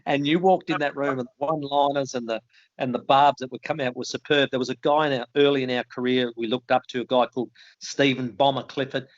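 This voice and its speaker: A man's voice: mid-range voice, fairly even intonation, quick pace, lo-fi sound. An older Australian man, a retired footballer, telling colloquial stories in a casual interview and laughing at his own tales.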